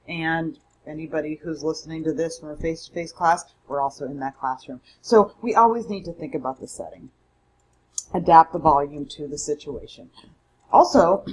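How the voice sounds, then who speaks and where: A woman with a low, slightly rough voice teaches public speaking at a college and records a mini-lecture from home. She's conversational and emphatic, correcting herself at times, and the recording is rough.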